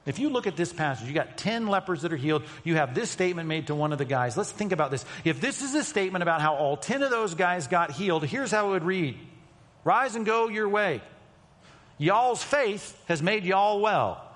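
A pastor preaching a sermon, emphatic, moving between loud stresses and hushed asides. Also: male voice, a little high, very animated, fast, hardly any pauses. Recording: long reverb of a large hall.

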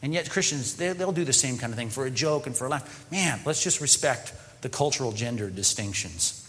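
A man preaching a sermon as pastor, animated, often slipping into mock quoted voices. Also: mid-range voice, brisk, slight background noise. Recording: long hall reverb.

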